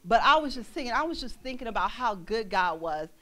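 A young woman preaches in a church with an animated, storytelling delivery. Her voice sits fairly high and she keeps acting out the people in her stories. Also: fairly quick. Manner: animated, acts out quoted voices, laughs. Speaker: minister. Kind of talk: sermon.

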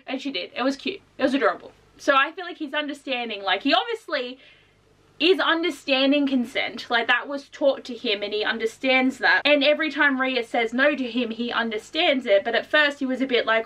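A young woman reviewing a book in a casual vlog, gushing, swearing freely and acting out characters in squeaky voices. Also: a little fast, a bit bright, distant mic.

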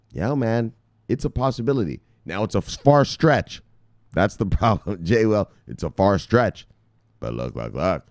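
A man's voice: sits low, dry recording, studio quality. Hyped-up, profane male crypto vlogger. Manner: excitable, profane, shouting "bang" at viewers. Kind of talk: casual hyped-up commentary.

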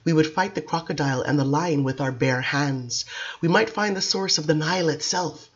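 A woman's voice: low voice, normal speed, muffled recording. Woman reading a novel aloud. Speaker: audiobook reader. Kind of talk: audiobook narration.

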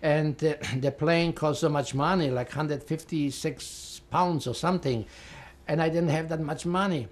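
An older man with a Polish accent, a Holocaust survivor recalling his life in a halting, rambling way full of fillers. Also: on the high side. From Poland. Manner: rambling, halting, with frequent fillers and repeated words. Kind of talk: oral history testimony.

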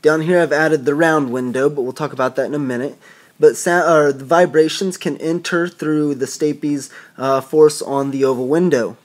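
A man's voice: a little high, fairly even intonation, normal speed. A man teaching anatomy in a casual lecture, talking informally, often restarting and correcting himself as he thinks aloud. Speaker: instructor. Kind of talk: casual drawing-board lecture.

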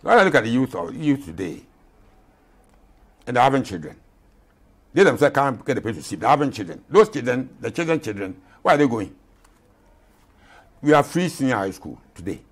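A Ghanaian retired general in his eighties, a guest in an interview, argues in a husky, slightly rough voice whose pitch swings widely from high to low. Very animated and fairly quick, yet broken by long pauses, he speaks with passion and emphasis and often restates his points.

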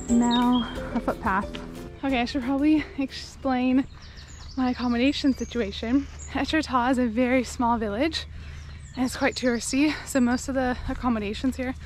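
A woman's voice: fairly high pitch, steady tone, a little slow, long pauses. Chatty young woman vlogging on the go. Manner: chatty, upbeat, often laughing. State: out of breath while walking uphill. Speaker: travel vlogger. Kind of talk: casual travel vlog narration. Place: outdoors and in a small town, walking. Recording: music playing behind her voice.

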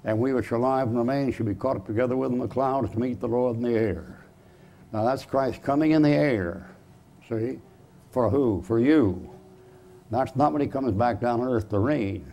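A man's voice: medium pitch, moderate pace, mellow, a little hiss or hum. A man preaching a chalk-talk sermon in a church, folksy and emphatic, putting questions to the audience and answering them himself.

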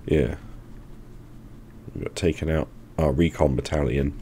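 A man's voice: rumbling low, steady tone, a little slow, warm tone, slight background noise. A man hosting a gaming channel, thinking aloud in casual commentary as he plans his moves.

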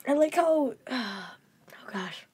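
A woman's voice: sits high, animated, a little mellow, breathy edge. A woman co-hosting a podcast in casual chat, eagerly chiming in with agreement and praise. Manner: eager, chimes in with quick agreement and gushing praise. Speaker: podcast co-host.

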